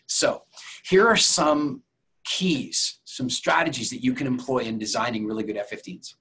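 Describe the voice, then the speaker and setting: A man with a husky, slightly breathy voice at an ordinary middle pitch leads a public speaking masterclass. He talks to viewers directly and conversationally, weaving stories into his lessons. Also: expressive, normal speed, sharp tone. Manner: conversational, storytelling with examples. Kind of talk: masterclass lecture.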